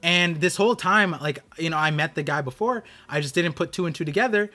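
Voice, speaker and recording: A man's voice: fairly high pitch, fairly quick, bright, forceful tone. A man hosting a live stream, telling a rambling story in casual chat with many restarts. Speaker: streamer host.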